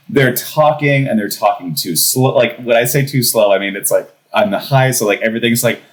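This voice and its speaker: A young man in his thirties telling a comic personal story in a casual podcast conversation, animated and laughing as he goes. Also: medium pitch, moderate pace, low-quality recording. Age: young adult. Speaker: podcast guest.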